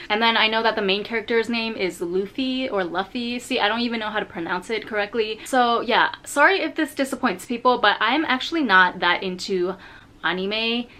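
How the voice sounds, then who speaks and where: A woman chatting casually through a makeup review vlog from her home, rambling into asides, leaning on fillers, and jumping up in pitch when she stresses a point. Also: bright, forceful tone. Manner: jumps up in pitch on emphasis. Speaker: beauty vlogger. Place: home in Japan.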